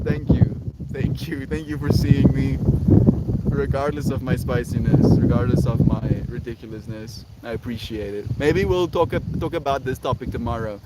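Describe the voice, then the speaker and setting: A man chats on a live stream in an earnest, wandering way, full of affection for his viewers. His voice sits at an ordinary middle pitch. Loud outdoor noise from the countryside runs behind him. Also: fairly even intonation, normal speed. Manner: earnest, rambling, effusively affectionate. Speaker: livestreamer. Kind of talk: casual livestream chat to viewers.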